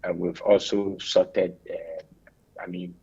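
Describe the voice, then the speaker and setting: A man with a Ghanaian accent, a radio interview guest giving measured, explanatory answers. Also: low voice, level tone, vocal fry, darkish tone, breathy edge, lo-fi sound.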